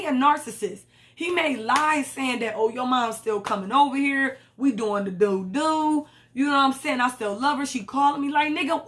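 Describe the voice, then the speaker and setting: A woman's voice: high-pitched, a bit bright. A young woman, recapping a reality show in casual, blunt and profane commentary and acting out the lines she quotes.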